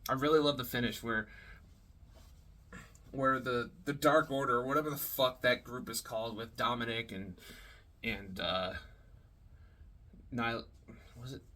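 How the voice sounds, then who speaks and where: A man giving a casual, rambling spoken review, heavy on swearing, fillers and quick laughs. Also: medium pitch, fairly even intonation, pushed and bright. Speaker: wrestling reviewer.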